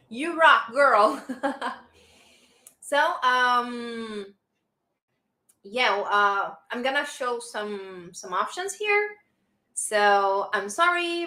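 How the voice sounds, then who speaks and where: Slow, bright-voiced Brazilian English teacher. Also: female voice, on the high side, reverberant. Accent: Brazilian Portuguese. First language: Portuguese. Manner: encouraging, praising learners often. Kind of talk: live online English lesson.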